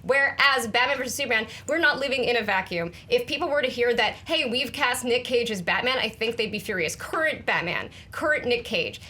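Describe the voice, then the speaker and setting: Bright-voiced woman debating. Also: a little high, lively intonation, fairly quick, few pauses. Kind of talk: panel debate.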